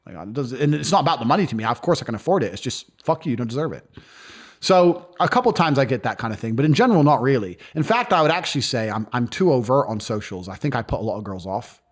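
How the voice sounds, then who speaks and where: A man speaking in an interview at a quick clip, his voice rising and falling with lively energy. He is blunt and boastful and swears freely. He acts out other people's lines as he goes. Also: medium pitch. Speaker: interview guest. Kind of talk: casual interview talk.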